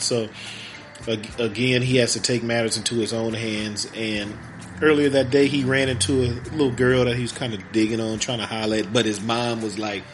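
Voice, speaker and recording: A man's voice: mid-range voice, steady tone, slight background noise. A man hosting a podcast, casually retelling a movie plot in a rambling way and acting out the characters' lines. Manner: rambling, acts out characters' lines in quick voices. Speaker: podcast host.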